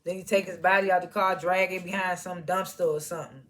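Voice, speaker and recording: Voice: medium pitch, steady tone, fast, fairly bright tone, slight background noise. Slangy casual TV episode recapper. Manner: loose slangy storytelling, chuckles at scenes. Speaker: TV show reviewer.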